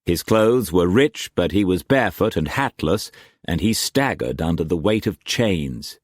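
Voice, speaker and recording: Man narrating an audiobook, very deep voice, lively intonation, slow, measured, dramatic. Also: dry recording, studio quality. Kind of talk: scripted novel narration.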